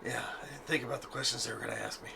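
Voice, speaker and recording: A man's voice: medium pitch, steady tone, very fast, creaky, pushed and bright, a little hiss or hum. A man playing a tabletop game, chatting casually and joking. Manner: laughing, joking. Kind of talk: casual chat.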